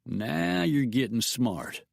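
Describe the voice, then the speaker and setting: A man's voice: mid-range voice, very animated, takes it slowly, creaky, dry recording, studio quality, exaggerated voice. Man playing a menacing drawling outlaw. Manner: threatening, drawling. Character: menacing male outlaw, gang leader.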